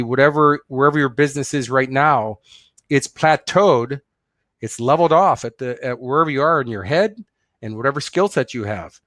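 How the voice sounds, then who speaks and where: A middle-aged business coach, his mid-range voice fairly bright, hosts a casual motivational webinar. He talks earnestly, in a conversational way, filling his stories with fillers. The sound is clean studio audio with no echo.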